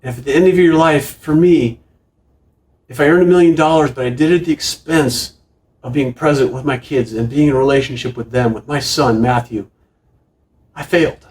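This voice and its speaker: A man's voice: mid-range voice, steady tone, a little fast, darkish tone. A middle-aged male pastor delivers a sermon in a church with earnest, emphatic urging and frequent small restarts. His voice sits in a middle register. The mic picks him up from some distance. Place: church sanctuary.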